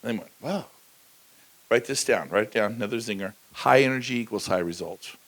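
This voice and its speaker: A man giving a high-energy motivational talk at a conference, joking with the crowd and slipping into quick impressions of people. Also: a bit bright. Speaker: keynote speaker. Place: large conference hall.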